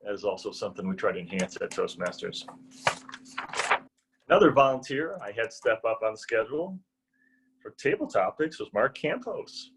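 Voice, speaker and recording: A man's voice: on the low side, expressive, normal speed, long pauses, a bit bright, a little hiss or hum, poor audio. A man chairing an online speaking club meeting, courteously introducing each speaker over a video call.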